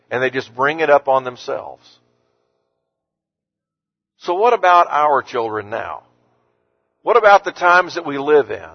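A man with a notably high voice preaches a sermon in an earnest, pressing way. His tone climbs to emphatic force on the scripture he quotes. The recording sounds dull and lo-fi. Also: vocal fry. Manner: earnest, rising to emphatic when quoting Jesus. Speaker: pastor.

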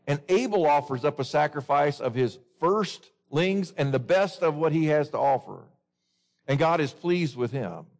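A man preaching a sermon in an earnest way, often asking his listeners questions. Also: on the high side.

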